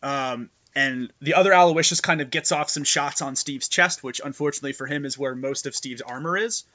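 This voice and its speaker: A man narrating a tabletop game as game master, excitable and gushing, with many fillers. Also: medium pitch, a little fast.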